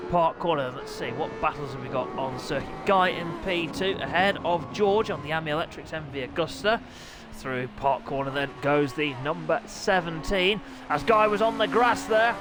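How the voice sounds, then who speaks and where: A man commentating on an online motorbike race, excitable and self-mocking, often talking to himself. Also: high-pitched, noisy background. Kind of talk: sim racing commentary.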